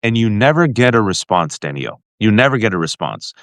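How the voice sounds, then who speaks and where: A man hosting a show and telling an emotional family story to his guest with animated energy, often restarting his sentences. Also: lowish voice, brisk, dry recording. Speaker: podcast host. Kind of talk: heartfelt personal storytelling to a guest.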